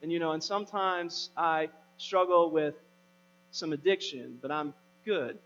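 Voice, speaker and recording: A man's voice: on the high side, unhurried, a bit bright. A man in his thirties, a pastor, preaching a sermon in a conversational storytelling way that rises to emphatic preaching. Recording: dull, hum, long reverb.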